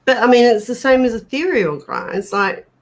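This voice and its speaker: A woman's voice: on the high side, lively intonation, moderate pace. An Australian woman chatting casually on a livestream, laughing often and trailing off mid-thought. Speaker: livestream co-host. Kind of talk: casual chat. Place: home.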